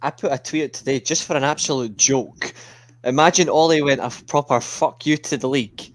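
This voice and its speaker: A man in his twenties, with a mid-range voice, chats casually. His talk is joking and crude. He tells quick anecdotes. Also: medium pitch. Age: 20s. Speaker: podcast co-host. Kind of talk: casual fan chat.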